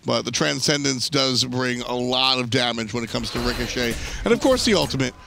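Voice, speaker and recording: Against a noisy background, a man casts live esports at a fairly quick clip, his medium-pitched voice carrying some vocal fry. He walks through picks and items analytically and chattily, frequently restarting.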